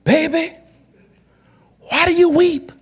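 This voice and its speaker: A preacher playing a well-meaning clueless husband. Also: male voice, extremely high pitch, fairly even intonation, slow pace, pitched above the performer's own voice, exaggerated voice. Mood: coaxing. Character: clumsy doting husband, man, well-meaning.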